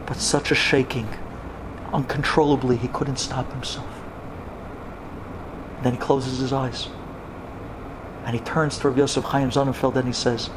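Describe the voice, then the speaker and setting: Male rabbi narrator with a slightly high voice, dramatic delivery that drops to whispers, light noise behind. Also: steady tone, moderate pace, long pauses. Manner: acts out voices, swings from loud to hushed whispers. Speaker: rabbi telling a story. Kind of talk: dramatic storytelling.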